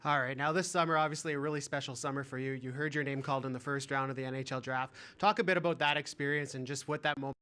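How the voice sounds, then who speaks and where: Fast, bright male hockey broadcaster. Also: mid-range voice, fairly even intonation. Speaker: sports broadcaster. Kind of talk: intermission interview.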